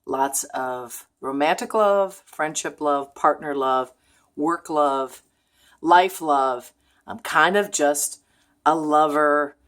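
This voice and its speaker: Slow, low-voiced woman vlogging frankly. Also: fairly bright tone. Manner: frank, emphatic, laughs while talking. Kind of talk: casual talking-head vlog.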